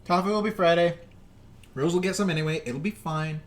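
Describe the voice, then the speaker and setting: Playful high-voiced man chatting while baking. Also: brisk, a little hiss or hum. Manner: playful, chatty, hums little tunes to himself. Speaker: live-stream baking host. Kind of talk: casual live-stream chat while cooking. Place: home kitchen.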